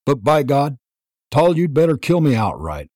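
Guy playing a defiant young cowboy, taunting, husky, lots of pitch swings. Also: sing-song, moderate pace, a little mellow, no echo, studio quality. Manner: passionate, taunting, disdainful. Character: defiant young male outcast rider, scornful. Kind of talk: audiobook reading.

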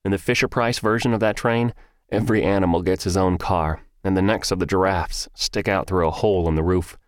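A man narrating a first-person story in an audiobook, with measured, even storytelling. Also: low voice, a little hiss or hum.

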